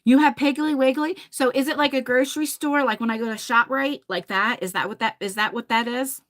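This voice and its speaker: A woman's voice: sits high, fairly even intonation, a little fast, a bit bright. A woman in her forties with a New Jersey accent, chatting casually with her livestream viewers in a rambling way, laughing and swearing now and then. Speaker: livestream host.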